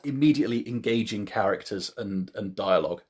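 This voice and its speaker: A man's voice: lowish voice, fairly quick, a little mellow, husky. A man co-hosting a podcast, chatting casually in an easygoing, hedging way with many ums. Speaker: podcast co-host. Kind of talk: casual chat.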